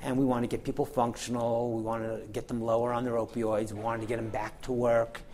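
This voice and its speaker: A man's voice: mid-range voice, level tone, a little fast, a little mellow. A middle-aged man, a physician and researcher, giving a lecture in a candid, wry storytelling manner with many fillers and restarts. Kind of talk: lecture to an audience.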